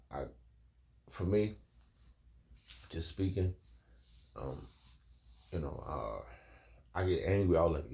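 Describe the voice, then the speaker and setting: A man's voice: low-pitched, vocal fry, darkish tone. A man preaching in a rambling, emphatic way, reading scripture and calling his listeners "man" and "bro". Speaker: informal preacher.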